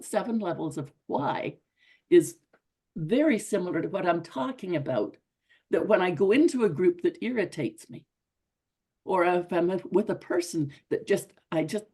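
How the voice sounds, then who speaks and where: A middle-aged woman with a medium-pitched, slightly mellow, husky voice speaks to a women's club. Her motivational talk is earnest and conversational, and she often repeats herself for emphasis.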